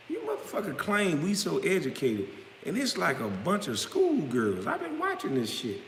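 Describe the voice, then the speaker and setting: A man's voice: huge pitch swings, normal speed, slight background noise. Man ranting in an echoey room. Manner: heated, blunt, swings from low mutters to loud outbursts. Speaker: vlogger. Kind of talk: profane rant to camera. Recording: echoey room with long reverb.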